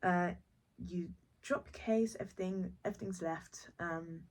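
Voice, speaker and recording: A woman's voice: on the low side, unhurried. A young woman improvising a second-person story for her podcast, chatty and rambling, correcting herself with casual asides. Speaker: podcast host.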